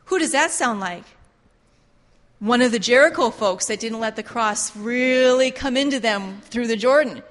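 A woman's voice: fairly high pitch, normal speed. Fervent woman preaching in a hall. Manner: fervent, repetitive, animated. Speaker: Bible teacher. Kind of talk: sermon-style class teaching. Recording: long hall reverb.

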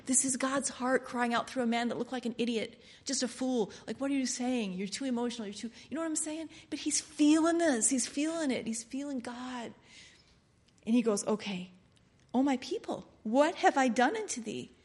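A woman preaching a passionate sermon, swinging between soft, intimate lines and loud exclamations. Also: high voice, normal speed, husky.

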